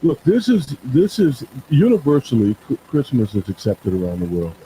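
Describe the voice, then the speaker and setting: Emphatic guest man with a mellow voice. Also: mid-range voice, wildly swooping pitch, normal speed, a little hiss or hum, low-quality recording. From Bakersfield, California. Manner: emphatic, repeats words when worked up. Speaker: show guest. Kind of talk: casual talk-show conversation.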